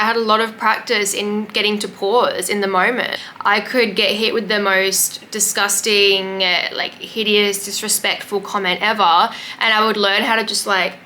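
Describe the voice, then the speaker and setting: Sassy bright-voiced young woman. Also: medium pitch, a little hiss or hum. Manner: sassy, emphatic, chatty, with lots of fillers. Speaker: podcast host. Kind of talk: casual monologue.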